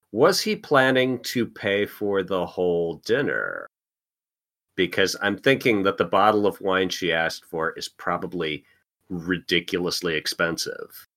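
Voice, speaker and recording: A man's voice: low-pitched, big pitch swings, measured pace, bright, forceful tone. A man playing a tabletop role-playing game, bantering playfully and slipping in and out of character. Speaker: player. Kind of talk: improvised tabletop role-play with chat.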